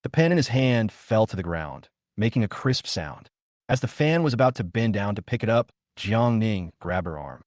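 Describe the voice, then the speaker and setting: A man narrates a scripted drama story in a steady storytelling manner. His voice sits low and swings widely in pitch. The recording is close and dry, with no room sound. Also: moderate pace, dry recording.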